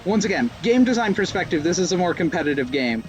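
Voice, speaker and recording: A young male streamer talks through a racing game in a slightly high voice. He rambles, mocks himself and lets out sudden yelps, with faint game music in the background. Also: sing-song, quick pace. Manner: rambling, self-mocking jokes, sudden yelps. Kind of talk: live gameplay commentary.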